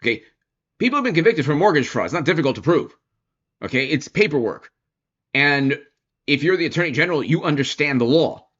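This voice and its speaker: Male political commentator, lively and sarcastic, dull lo-fi audio. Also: fairly high pitch, brisk. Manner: animated, sarcastic, mocks opponents in put-on voices. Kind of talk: opinion commentary monologue.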